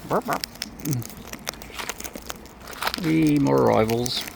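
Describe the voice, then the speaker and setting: A woman's voice: a bass voice, slow pace, creaky, background noise. A woman chatting playfully to wild parrots she is feeding outdoors, coaxing them in a sing-song voice. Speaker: wildlife vlogger feeding wild birds. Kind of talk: casual talk to birds.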